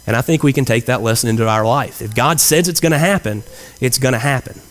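A man's voice: mid-range voice, fast. A man preaching a sermon in a church, earnest and conversational, with frequent fillers and restarts. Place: church sanctuary. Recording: church hall reverb.

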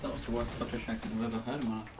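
A man chatting casually with a friend while they play, with quiet, dry remarks. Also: medium pitch, steady tone, very fast. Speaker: friend playing along. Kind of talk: casual chat over voice call. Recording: distant voice chat with noise.

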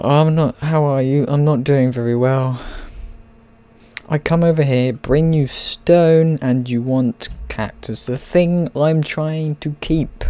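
A man hosts his gaming channel, goofing around and talking to the characters as he plays. His voice is mellow and rounded, and he takes his time, letting each phrase stretch out unhurriedly. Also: mid-range voice. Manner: playful, rambling, talks to game characters. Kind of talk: gameplay commentary.

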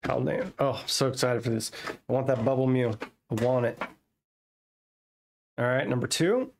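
A man with a gravelly, fry-tinged voice chats casually while opening trading card packs at his desk. He thinks out loud and gets excitable over good pulls. His voice sits at an ordinary middle pitch and is picked up by the camera mic. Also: normal speed, slight background noise. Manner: chatty, excitable, thinks aloud. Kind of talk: casual unboxing chat. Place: home desk setup.

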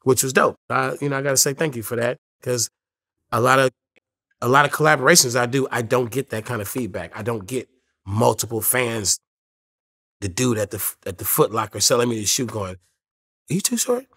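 A man's voice: mid-range voice, fairly even intonation, brisk, sharp tone. A man in his fifties, a rapper guest in an interview, telling stories in a laid-back, profane way. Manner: laid-back, profane, quotes people in voices. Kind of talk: casual storytelling interview.

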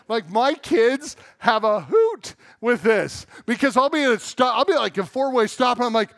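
A man's voice: sits high, animated, moderate pace, fairly bright tone, no echo, studio quality. A middle-aged man from Southern California preaching a sermon in church, candid and self-mocking, acting out the voices he quotes. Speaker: pastor. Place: church sanctuary.

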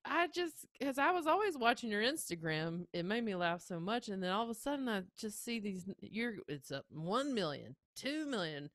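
A woman's voice: mid-range voice, sing-song, a bit bright, no room sound. Southern woman host, easygoing and affirming; dry close sound. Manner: easygoing, laughs along, quick affirmations. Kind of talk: casual chat.

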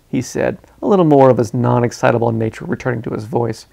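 A man reading his own hardboiled detective novel in a measured, first-person narration. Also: medium pitch, creaky, mellow.

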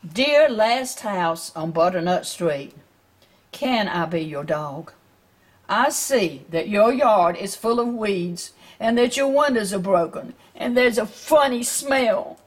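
A woman voicing a lonely male stray dog who reads out his own letter in a slow, pleading way. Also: medium pitch, animated, slightly rough.

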